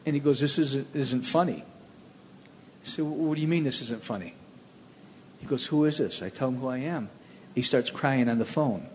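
Man, personal testimony, plainspoken, animated storytelling, roomy hall reverb, faint background hum. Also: medium pitch, moderate pace. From Cleveland area. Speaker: speaker telling his testimony.

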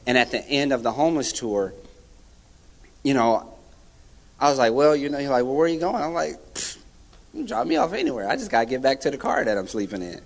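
A young man giving a personal testimony at church, telling his story with lively, animated delivery and acting out the people he quotes. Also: mid-range voice, a little fast, creaky, pauses often. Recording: hall reverb.

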